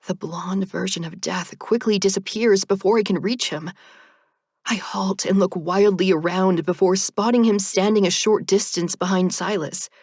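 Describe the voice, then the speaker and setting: A woman narrating an audiobook in the first person with a measured, soft delivery. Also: mid-range voice, fairly even intonation, slightly rough, no echo, clean studio sound.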